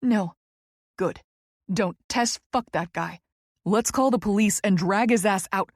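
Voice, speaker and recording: A woman's voice: mid-range voice, a little slow, no room sound, studio quality. A woman voicing a blunt, protective young man who swears freely and turns tender with a friend in an audiobook. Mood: angry. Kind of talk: audiobook character voice.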